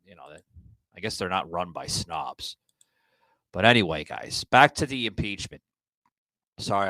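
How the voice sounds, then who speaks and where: A man's voice: fairly low pitch, fairly bright tone, no room sound, rough recording. Winded, rambling podcast host man. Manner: rambling, many fillers and restarts. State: out of breath. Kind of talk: casual political commentary. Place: hotel room with sound panels.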